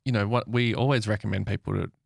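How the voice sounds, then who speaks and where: Gravelly low-voiced male podcast host. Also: fairly even intonation, fast, dry recording, clean studio sound. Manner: tentative and musing. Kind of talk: conversational interview.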